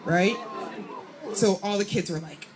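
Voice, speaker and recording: A woman's voice: mid-range voice, a little slow, a crowd in the background, rough recording. Profane storytelling woman comedian. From Chicago area, USA. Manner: profane, animated, acts out quotes. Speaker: stand-up comedian. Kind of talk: stand-up storytelling.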